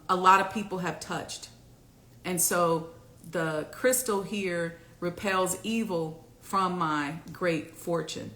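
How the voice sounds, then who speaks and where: A woman hosting a casual talk to camera, preaching and rallying her viewers with loud, repeated exhortations. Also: on the low side, reverberant. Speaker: host.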